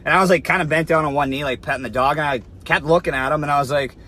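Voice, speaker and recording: Blunt, swearing young man, bright voice. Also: on the high side, fairly even intonation, rapid-fire. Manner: blunt, heavy swearing, lots of "like". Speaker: fitness influencer. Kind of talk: casual storytelling to camera.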